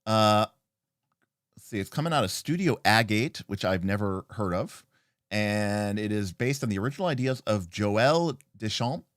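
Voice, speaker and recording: Low-voiced man thinking aloud on stream. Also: no echo, studio quality. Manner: thinking aloud, hesitant with frequent fillers and restarts. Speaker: livestream host reviewing tabletop role-playing game books. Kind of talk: casual livestream commentary, reading chat.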